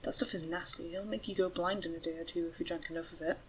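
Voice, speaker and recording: A woman voicing a calm, wry male talking rattlesnake in a storybook reading, speaking in a matter-of-fact way. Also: on the low side, fast talker, slight background noise, close to an everyday voice, low-quality recording. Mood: explaining. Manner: matter-of-fact, dryly joking.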